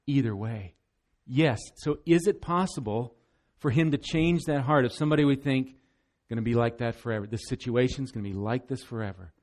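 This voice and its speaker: A man's voice: mid-range voice, darkish tone. A man preaching a sermon as pastor, earnest and emphatic, often repeating words as he goes.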